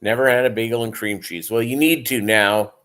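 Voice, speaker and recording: A man's voice: medium pitch, steady tone, a little fast, fairly bright tone. A tired man hosting a casual livestream, rambling with lots of fillers while he chats with viewers. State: tired, yawning. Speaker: livestream host.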